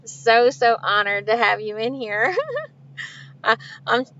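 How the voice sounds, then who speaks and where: A woman trucker with a fairly high voice, chatting on a live stream from inside her cab. She laughs easily and answers viewer comments one after another. The sound is dull and lo-fi, picked up by a phone. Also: big pitch swings, takes it slowly, fairly bright tone. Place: inside a truck cab with refrigeration unit running. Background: refrigeration unit hum.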